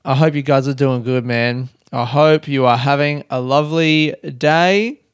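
A man's voice: mid-range voice, a little slow, clean tone, no room sound, clean studio sound. A man hosting a casual solo podcast from his room, rambling, joking at his own expense and swearing freely. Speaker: podcast host and comedian. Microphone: desk podcast mic.

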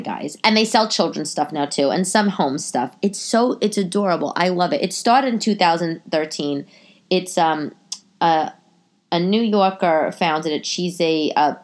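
A woman hosting a casual chat podcast from her apartment, rambling through tangents with a stuffy nose. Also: low-pitched. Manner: chatty, rambling, goes off on tangents. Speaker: podcast host.

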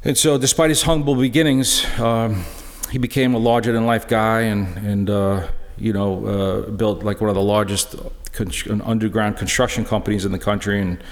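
A middle-aged man giving a personal testimony talk in a church, halting and earnest, full of restarts. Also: fairly low pitch, fairly even intonation. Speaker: lay speaker sharing a personal witness. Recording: echoey church hall.

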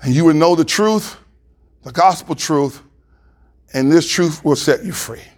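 A man preaching a sermon as pastor, reading scripture aloud and rising louder and higher to stress his points. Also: lively intonation, measured pace.

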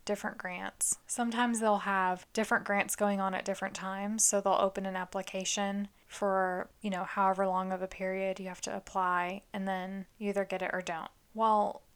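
A woman's voice: medium pitch, flat delivery, normal speed, few pauses, clean tone. A woman co-hosting a podcast, chatting casually and playfully telling made-up scenarios. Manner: playful storytelling, acting out scenes. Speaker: podcast co-host. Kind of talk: casual chat.

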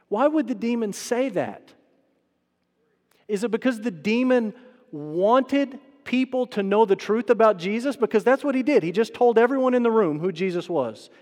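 A man delivers a sermon from a church worship center, his voice a touch higher than most. He animates the story, breaking into loud acted-out quotes. A long reverb trails his words around the large room. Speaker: pastor.

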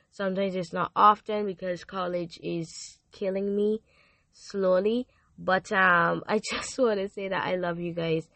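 A teenage girl hosts her podcast, gushing with earnest, repeated thanks. Her voice is a little low and gravelly, and it is wearing hoarse. It is recorded dry and close, with no room sound. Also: a bit bright, no echo. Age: teens. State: voice going hoarse. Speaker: podcast host. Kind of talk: casual faith podcast monologue.

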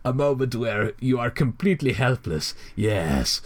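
A man voicing a deranged, ranting male clown mascot villain, with manic, drawn-out, theatrical menace. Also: mid-range voice, animated. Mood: menacing. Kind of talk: comic reading in a put-on voice.

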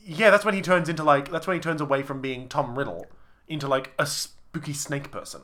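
A man's voice: fairly high pitch, a little fast, bright, forceful tone. A man co-hosting a podcast in casual chat, laughing often and acting out scenes as he retells them. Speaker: podcast co-host.

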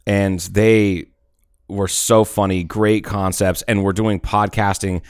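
A man's voice: level tone, slow, clean tone, no room sound. Joking man on a podcast. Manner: joking, laughs often, bursts into high-pitched bits. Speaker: podcast co-host. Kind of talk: casual podcast banter.

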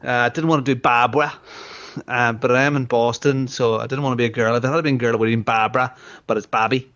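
A man's voice: mid-range voice, fairly even intonation, fast talker, a bit bright. Wry man on dull lo-fi audio. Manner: wry, opinionated, asks questions. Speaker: podcast co-host. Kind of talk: casual gaming chat.

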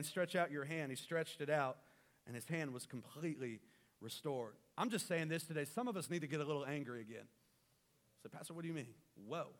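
A man delivers a sermon with a somewhat high voice. He rallies the congregation loudly, then drops into quiet, earnest passages. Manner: animated, swings from loud rallying to quiet. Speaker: pastor.

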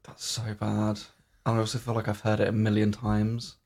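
A man's voice: fairly low pitch, completely flat delivery, normal speed, creaky, darkish tone. A man co-hosting a podcast in casual chat, teasing and cheeky, sharing one microphone with his co-host. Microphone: one microphone shared between two.

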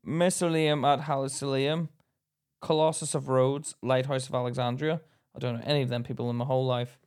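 A man's voice: medium pitch, fairly even intonation, moderate pace, a little mellow, smooth. A young British man co-hosting a podcast, casually trading guesses and hesitating over a list he reads out. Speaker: podcast co-host. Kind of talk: casual banter, reading a list.

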